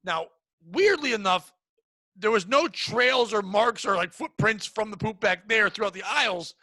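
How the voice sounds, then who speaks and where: A young adult man, a podcast co-host, telling a crude comedic story, animated and acting out the people in it. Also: high voice, normal speed, no echo. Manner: crude, animated, acts out voices in anecdotes.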